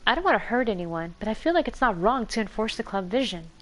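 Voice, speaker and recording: A woman's voice: mid-range voice, sing-song, quick pace, fairly bright tone. A woman voicing an earnest, uneasy teenage girl who leads a school club. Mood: troubled.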